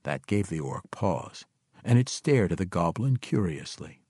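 A man narrating a fantasy novel in expressive storytelling style. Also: sits low, a little slow, slightly rough, no echo, studio quality. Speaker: audiobook narrator.

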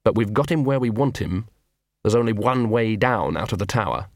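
A man's voice: on the low side, normal speed, no room sound, lightly acted. A man voicing a weary, blunt watch commander with dry gallows humor. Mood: wry.

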